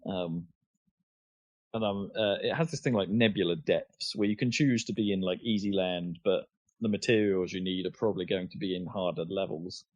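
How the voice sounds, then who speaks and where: Podcast co-host, male, casual chat, halting delivery with fillers, lowish voice, dry lo-fi sound. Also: a little mellow, husky, dry recording. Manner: hesitant, many fillers and restarts. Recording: dull lo-fi podcast audio.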